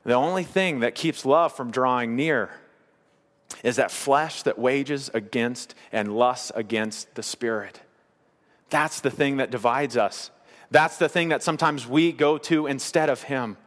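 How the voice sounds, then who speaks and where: A man preaching a sermon as pastor, earnest, slowing down on the key phrases. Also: mid-range voice, fairly bright tone, long reverb tail.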